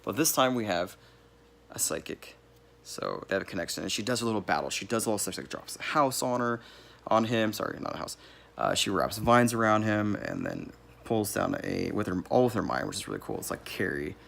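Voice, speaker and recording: A man's voice: deep voice, vocal fry, a bit bright. A man giving a casual, rambling movie review, correcting himself as he goes and laughing here and there. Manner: laughs now and then while talking.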